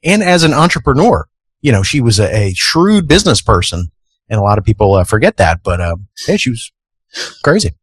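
A man's voice: medium pitch, sing-song, brisk, husky, no echo, studio quality. Easygoing radio man reading entertainment news. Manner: easygoing, many fillers. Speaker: radio show host.

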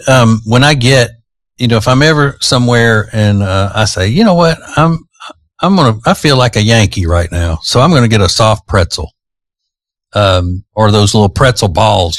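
A man's voice: lowish voice, no room sound. A man co-hosting a morning radio show in a studio, laid-back and laughing easily as he talks about food. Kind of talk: casual morning show banter.

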